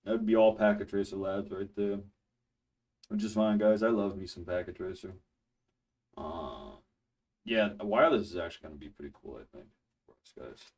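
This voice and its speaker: Relaxed low-voiced man, slightly off-mic. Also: moderate pace, pauses often, recorded from a distance. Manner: chatty and loose, with laughs and restarts. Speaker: streamer teaching a networking course. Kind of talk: casual study stream talk. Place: his home.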